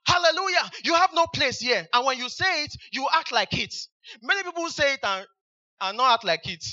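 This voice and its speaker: A high, very bright male preacher, exclaiming hallelujah over and over between verses. His voice is sharp and piercing, and the recording is dull and lo-fi. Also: lively intonation, fairly quick, soft background music. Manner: exclamatory, repeats hallelujah, fervent. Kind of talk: sermon.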